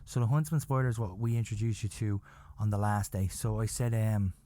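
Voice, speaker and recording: A man hosting a podcast, telling a comedic story in a profane, rambling, animated way, acting out his own panic. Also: fairly low pitch, fairly quick, dry recording. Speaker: podcast host.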